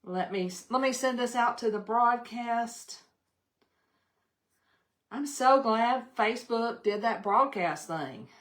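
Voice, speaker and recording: A woman's voice: fairly high pitch, animated, slow, fairly bright tone. An older woman with a Southern American accent, hosting a casual live craft demonstration and chatting folksily with viewers as she works. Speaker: craft livestream host.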